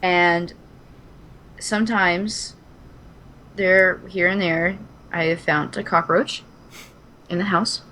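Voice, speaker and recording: A woman from Kentucky, co-hosting a podcast, telling a story in casual chat, animated and dramatic, swearing freely. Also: lowish voice, slow, pauses often, a little hiss or hum. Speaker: podcast co-host.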